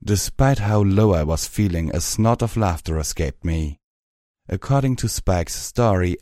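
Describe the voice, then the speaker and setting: A man with a low, deep voice reading a story aloud at a steady, measured pace. The recording is dry and close to the mic, with no room sound. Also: no echo. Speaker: narrator. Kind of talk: audiobook story narration.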